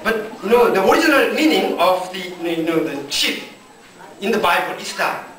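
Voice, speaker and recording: High animated pastor in echoey hall. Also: male voice, crowd noise. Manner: slow deliberate non-native English with many fillers and restarts. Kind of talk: sermon. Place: church hall. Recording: echoey church hall from far off.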